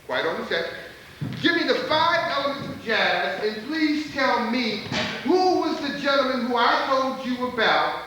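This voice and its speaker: Playful high-voiced man emceeing a quiz. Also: expressive, measured pace, few pauses, bright, forceful tone. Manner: playful, teasing, laughs often. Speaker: emcee quizzing audience members. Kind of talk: lively live audience quiz. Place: large college event hall. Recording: echoey hall taped from far off, noisy old videotape.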